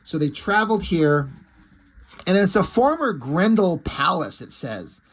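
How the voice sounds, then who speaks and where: Man with a slightly high voice for a casual, rambling, profane comic recap. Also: big pitch swings, a little slow, fairly bright tone. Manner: casual and profane, with many fillers and restarts. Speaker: comic book reviewer.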